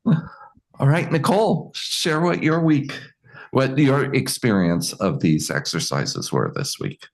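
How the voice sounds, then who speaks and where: A man's voice: mid-range voice, sing-song, slow pace, gravelly. A man leading an online group coaching call, speaking in a reflective, admiring way with trailing restarts. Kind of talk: casual group coaching talk.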